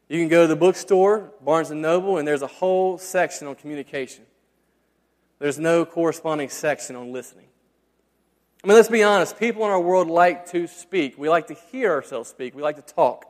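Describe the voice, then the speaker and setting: A man's voice: a little high, fairly quick. A man in his thirties preaching a sermon to a congregation, telling stories in a chatty, self-deprecating way full of fillers. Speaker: pastor. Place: church hall before a congregation. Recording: long reverb of a church hall.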